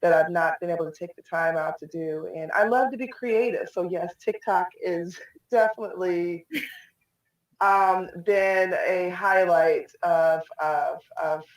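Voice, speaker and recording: Woman guest talking slow and thoughtful, lowish voice, echoey and far from the mic. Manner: thoughtful, hesitant with many ums. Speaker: interview guest. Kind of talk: casual online interview. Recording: echoey room, distant mic.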